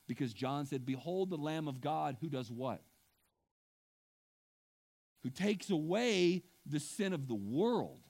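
A pastor with a mid-range voice preaches an impassioned, emotional sermon. He swings between loud emphasis and hushed asides, often clearing his throat.

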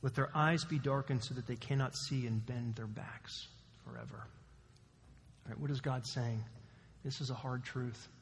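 A male pastor preaching a sermon, animated, with emphatic questions to the congregation. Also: mid-range voice, a little slow, a little hiss or hum. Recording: long hall reverb.

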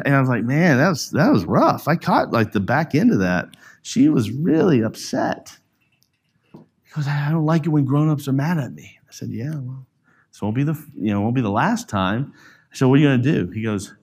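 A middle-aged father tells a personal story to a church audience. His pitch moves a great deal, and he slips into the voices of the people he quotes. The talk is loose and conversational. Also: normal speed, breathy edge. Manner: animated, acts out quoted voices. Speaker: parent speaking to a church audience.

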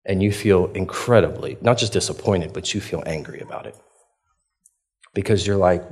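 Laughing, chatty pastor. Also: male voice, sits low, normal speed, darkish tone. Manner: chatty, self-deprecating, laughs often, acts out his own reactions. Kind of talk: conversational sermon with a personal story.

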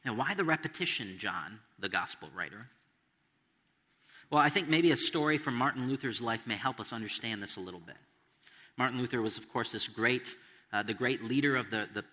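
A man's voice: mid-range voice, sharp tone, slightly rough, long reverb tail. A man preaching an expository sermon, stressing quotes and asking the listeners questions. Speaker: pastor.

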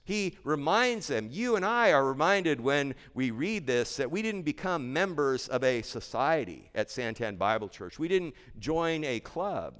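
A man's voice: medium pitch, fairly bright tone, smooth. A male pastor preaching an expository sermon in a church sanctuary, earnest and emphatic, repeating key phrases for weight. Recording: long church-hall reverb.

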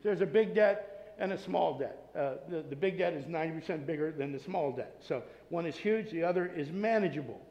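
A man preaching a sermon to his congregation, earnestly swinging between loud emphatic points and soft, quiet asides. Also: a little high, a little fast, muffled recording. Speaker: pastor. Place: church sanctuary with masked congregation. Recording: echoey church hall.

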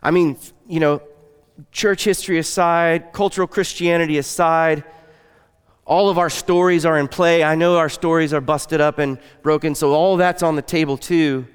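A man delivers a sermon in an earnest, conversational way, often dropping to a soft, quiet tone. His voice is smooth and resonant, and it carries a long reverb from the hall around him. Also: a little high, steady tone, moderate pace. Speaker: pastor.

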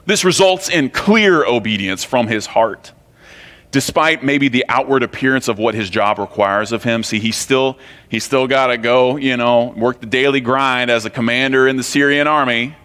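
A man preaching a sermon in an animated, conversational way, often restarting and repeating phrases. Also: mid-range voice, moderate pace. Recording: long hall reverb.

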